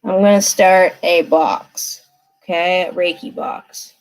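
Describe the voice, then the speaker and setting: A woman's voice: lowish voice, steady tone, slow pace, poor audio. A woman giving a casual live tarot reading from her desk, chatty and reassuring, often checking in with the listener. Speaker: tarot card reader. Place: seated at a desk.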